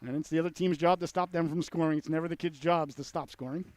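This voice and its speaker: A man calling a youth hockey game play by play, folksy and joking with the listeners, bursting into excited shouts on big chances. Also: fairly high pitch, quick pace, no room sound. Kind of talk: sports commentary.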